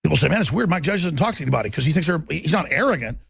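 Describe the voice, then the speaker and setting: A man's voice: on the high side, lively intonation, rapid-fire, gravelly, slightly rough, dry recording, clean studio sound. A man hosting a talk radio show, delivering a combative, emphatic monologue.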